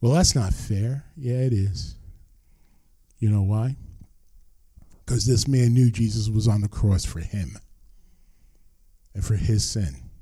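A man's voice: lowish voice, slow, long pauses, warm tone, slightly rough, no echo. An older man preaching a sermon as pastor, earnest and emphatic, repeating his key phrases.

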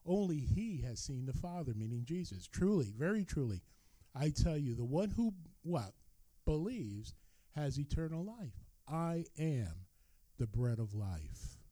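A man's voice: a little slow, no echo. A man preaching a sermon, reading scripture aloud and breaking in with his own asides. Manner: expressive Bible reading with asides, animated rises and drops in pitch.

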